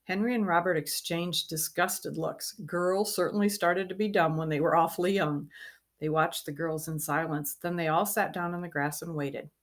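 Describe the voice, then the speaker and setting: Woman, storybook read-aloud, gentle, lowish pitch. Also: moderate pace. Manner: gentle, does lively character voices. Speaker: reader.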